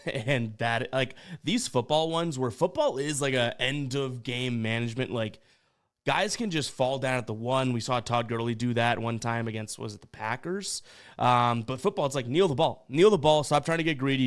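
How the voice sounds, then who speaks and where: A clear, resonant, medium-pitched voice at normal speed belongs to a Boston man hosting a podcast. He responds to voicemails in a chatty, casual manner, with frequent laughs and some stumbling over words.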